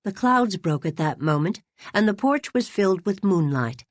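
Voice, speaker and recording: A woman reading a classic novel aloud with dramatic, expressive narration. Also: mid-range voice, normal speed, no echo. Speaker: audiobook narrator. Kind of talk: scripted narration.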